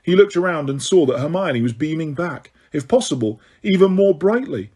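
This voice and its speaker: A man's voice: fairly high pitch, animated, moderate pace, a little mellow, slightly rough. A man reading a novel aloud as an audiobook narrator, with occasional stumbles and restarts. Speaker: audiobook reader.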